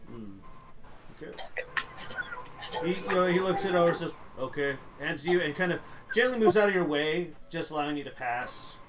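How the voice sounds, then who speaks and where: A man's voice: on the high side, fast, background noise. A young man narrating as game master for a streamed tabletop game, rambling with many fillers and casual swearing.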